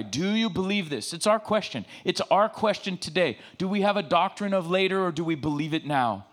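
A middle-aged man delivers a relaxed sermon in a slightly higher-than-usual voice. He talks in a lively, joking way and retells scripture in everyday slang. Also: brisk, hardly any pauses. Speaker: preacher. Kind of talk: casual sermon.

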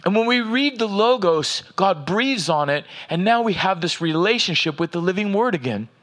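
A man preaching a sermon, reading scripture aloud with slow emphasis and checking in with the congregation. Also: high-pitched, expressive, a bit bright. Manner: asks the audience "are you with me", reads scripture aloud with slow emphasis. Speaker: pastor.

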